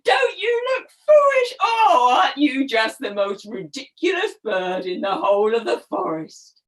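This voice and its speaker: Haughty storybook birds taunting loudly with big swoops in pitch, as a woman puts them on. The voice sounds set back from the mic. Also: very animated, a little slow, distant mic. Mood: jeering. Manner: jeering, taunting, loud. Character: proud, mocking flock of exotic birds.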